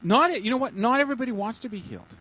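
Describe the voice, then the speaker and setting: A man, a pastor, giving informal teaching to a small church group in a halting, chatty way, with many repeated words and restarts. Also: very high-pitched, lively intonation, bright, forceful tone, soft background music, poor audio. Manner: chatty, jokey asides.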